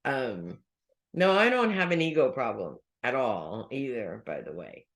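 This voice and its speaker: A man's voice: medium pitch, big pitch swings, unhurried, fairly bright tone. A man in his forties delivers a psychic's weekly reading in a loose, conversational way. He wanders into a personal story, stops and restarts his sentences, and pokes fun at himself as he goes. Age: 40s. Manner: conversational, self-deprecating, rambling with restarts. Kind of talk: casual spoken advice with personal anecdote.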